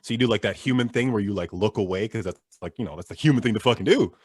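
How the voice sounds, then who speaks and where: A man's voice: on the low side, rapid-fire, darkish tone, breathy edge, no echo. A young man doing a seated stand-up set, telling a loose, profane story and laughing at his own jokes. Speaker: stand-up comedian.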